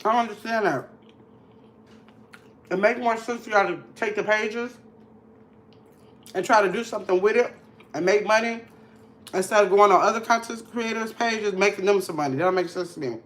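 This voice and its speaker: A woman's voice: mid-range voice, normal speed, long pauses. A woman from Milwaukee hosting a casual livestream, chatting and teasing viewers in the chat. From Milwaukee, Wisconsin. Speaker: livestream host.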